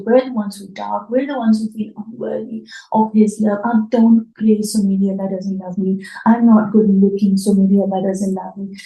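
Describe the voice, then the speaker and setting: Soft-spoken woman in an echoey room. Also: mid-range voice. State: tearful, emotional. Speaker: spiritual art therapy host. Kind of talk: reflective spiritual talk.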